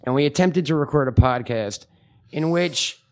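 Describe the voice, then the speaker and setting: A man with a slightly high voice co-hosts a podcast, riffing in loose comedic banter. He swears freely and jokes constantly, tossing in quick impressions of his friend. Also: gravelly. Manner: profane, joking, lively impressions. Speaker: podcast co-host.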